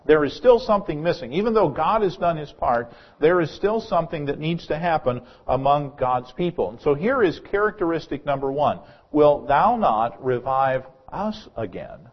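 A man's voice: on the high side, dull audio. A male pastor preaching a sermon in a church, earnest, often repeating words as he starts a phrase.

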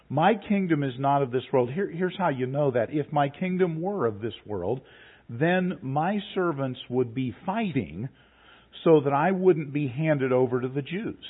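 Preacher with a husky, lively voice. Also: male voice, medium pitch. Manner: reads scripture slowly, then paraphrases conversationally. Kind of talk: sermon with scripture reading. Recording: tinny phone-like recording.

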